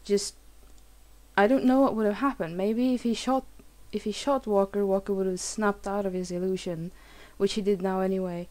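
A woman's voice: mid-range voice, steady tone, moderate pace, a little mellow. A woman hosting a let's play, giving emotional game commentary with swearing and lots of restarts.

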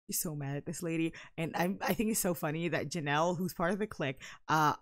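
A young woman commenting casually on her life-simulation game, playful and giggly, with sudden loud bursts of excitement. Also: low voice, fast talker, no room sound. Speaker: gameplay commentator. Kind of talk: casual let's-play commentary.

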